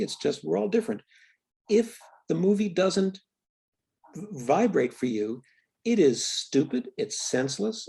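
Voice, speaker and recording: An older man with a gravelly, husky voice, speaking as an interview guest. He reflects candidly on his film work, stopping and restarting his sentences and letting his voice trail off quietly. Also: mid-range voice. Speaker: film writer and director, guest.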